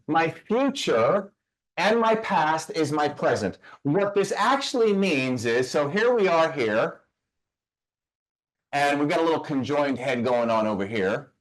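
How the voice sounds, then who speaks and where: A man teaching a motivational session, emphatic, firing rhetorical questions and asking listeners to type their answers. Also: on the high side. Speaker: personal growth speaker.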